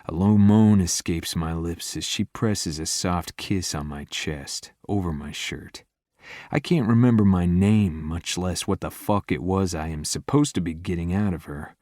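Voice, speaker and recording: Male romance audiobook narrator, very low voice, intimate first-person read, dry booth. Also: measured pace, mellow, dry recording.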